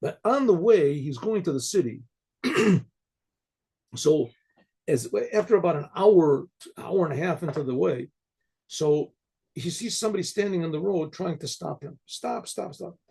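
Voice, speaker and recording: High, gravelly rabbi telling a story. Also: male voice, expressive, normal speed, mellow. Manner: frequent throat clearing, repetitions.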